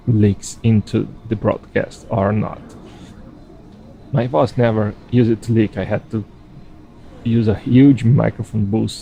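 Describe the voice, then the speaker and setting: Slow, gravelly man casting a game. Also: lowish voice, slight background noise, rough recording. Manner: relaxed, thinking aloud, chatty asides. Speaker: game caster. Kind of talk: casual video game commentary. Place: home room at a computer. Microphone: desk microphone.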